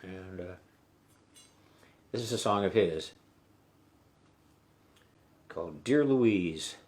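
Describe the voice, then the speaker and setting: A man's voice: deep voice, expressive, drawn-out words, darkish tone. A middle-aged man casually telling a story between songs on his live stream, rambling with many halts and restarts. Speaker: musician hosting a live stream. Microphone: webcam stream mic.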